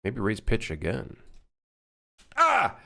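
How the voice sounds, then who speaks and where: Male game-dev streamer, low voice with a lively swooping delivery, excitable and jokey. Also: measured pace. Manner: excitable, swears and jokes while working. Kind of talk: casual live-stream commentary.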